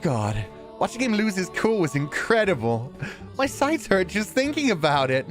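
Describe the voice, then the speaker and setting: A man's voice: high-pitched, sing-song, moderate pace, soft background music, pitched above the performer's own voice. A man voicing a scheming young woman who drops her sweet act, reading visual novel lines in a cold, sneering manner. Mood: gloating. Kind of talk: visual novel dialogue read aloud.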